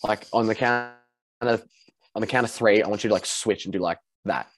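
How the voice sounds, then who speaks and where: A young Australian man co-hosting a podcast, telling animated stories with swearing. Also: lowish voice, brisk. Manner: animated storyteller, swears, laughs easily. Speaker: podcast co-host. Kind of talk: casual chat.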